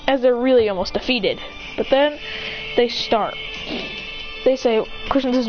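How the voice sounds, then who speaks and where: A woman narrating an improvised fan story with excitement, acting out shouts and correcting herself, in a dull lo-fi recording with loud music behind. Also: fairly high pitch, moderate pace.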